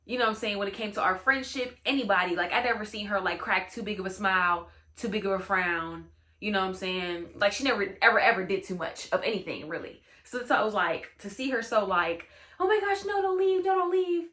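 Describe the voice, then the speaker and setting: Young woman hosting a storytime vlog; chatty, slangy, bright tone. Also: medium pitch, quick pace. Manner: chatty, slangy, lots of "you know what I'm saying". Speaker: storytime host. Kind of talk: casual storytime chat.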